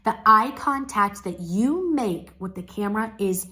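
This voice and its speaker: A woman's voice: medium pitch, animated, measured pace, sharp tone. A woman talking casually to camera as a pageant speaking coach, in an encouraging, coaching tone. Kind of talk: casual video commentary.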